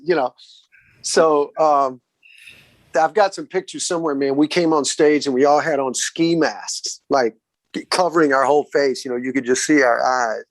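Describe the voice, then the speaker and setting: A man with a Southern US accent, a guest musician, telling road stories in a relaxed, casual way and often saying "man". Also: medium pitch, moderate pace, dry recording. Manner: relaxed, says "man" a lot, acts out quoted voices. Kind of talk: casual storytelling interview.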